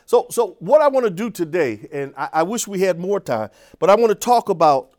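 An older man who teaches urban ministry, telling a story to an audience in an animated way and often restarting and repeating his words. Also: high-pitched, brisk.

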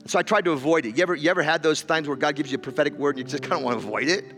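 A man's voice: a little high, very fast. A man preaching in a church hall, telling a story with stumbles and repeated words. Faint music plays under his voice. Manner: storytelling, repeats words, builds to loud emotional climax. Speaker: pastor. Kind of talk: sermon.

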